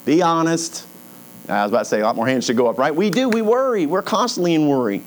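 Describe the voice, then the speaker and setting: A pastor preaching a sermon in a casual, conversational way, his voice sitting a little high for a man. He slows down to read scripture aloud and drops his voice low and soft when he speaks God's words. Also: lively intonation.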